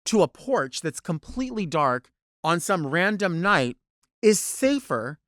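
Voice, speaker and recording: A man's voice: high-pitched, big pitch swings, measured pace, a bit bright, no room sound, clean studio sound. A man hosting a podcast, telling a long exasperated story and acting out both sides of it. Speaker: podcast host, drag performer. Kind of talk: animated storytelling rant.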